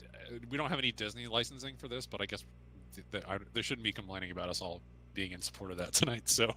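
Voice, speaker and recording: A man's voice: on the low side, fast, pushed and bright, slight background noise. A man hosting a live sim racing stream, talking casually while he drives, with frequent ums and easy laughs. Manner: chatty, laughs easily, many ums. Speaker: host.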